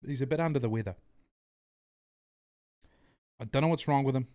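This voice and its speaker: A man's voice: medium pitch, moderate pace, warm tone, dry recording, studio quality. A man hosting a casual livestream, bantering crudely, greeting his chat and repeating himself as he plays. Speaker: livestream host.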